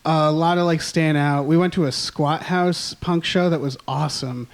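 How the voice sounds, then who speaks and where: Slightly high-voiced man telling rambling stories. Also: fairly even intonation, normal speed. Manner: rambling, self-mocking, laughs often. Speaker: podcast guest. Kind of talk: casual storytelling chat.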